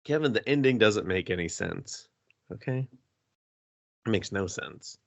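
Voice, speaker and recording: A man co-hosting a podcast, venting in a sarcastic, profane rant. His pitch swings widely as he talks. The sound is close and dry. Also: animated, unhurried, dry recording. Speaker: podcast co-host. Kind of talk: casual movie review chat.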